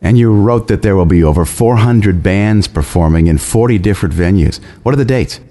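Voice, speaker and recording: A man presenting a radio show in a measured announcer delivery. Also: fairly low pitch, dark tone. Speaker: radio host.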